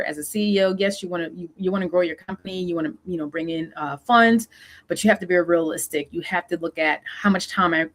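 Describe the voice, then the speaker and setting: A woman host with a Southern US accent, coaching founders in a casual solo talk, repeating her questions and using many fillers. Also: on the low side. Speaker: show host and funding consultant.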